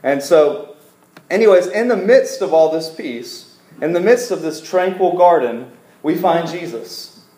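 A man's voice: fairly high pitch, expressive, a little slow, dark tone, echoey room, low-quality recording. A man preaching a casual, joking sermon to a congregation in a church, asking them to repeat words back to him. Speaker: pastor. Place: church service room.

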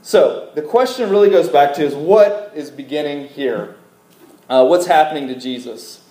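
A young man preaching in a conversational storytelling style to a live audience, animated and asking them questions, with joking asides. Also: fairly high pitch, normal speed. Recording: echoey hall.

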